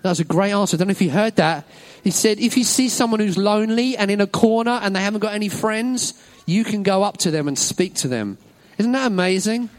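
A man's voice: high voice, fairly quick. A man leading a children's talk in a church service, upbeat and encouraging, praising every answer. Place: church hall with an audience.

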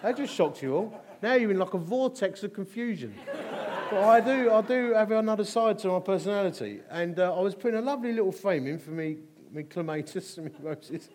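Fairly quick and pitched high, this middle-aged preacher from England fills his sermon with stories. He's animated and humorous, driving his points with emphatic repetition.

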